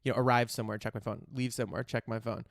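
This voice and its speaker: A man's voice: mid-range voice, level tone, very fast, vocal fry, dry recording, studio quality. A man hosting a podcast, chatting in a rambling, candid way and swearing casually. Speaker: podcast host. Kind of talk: casual chat.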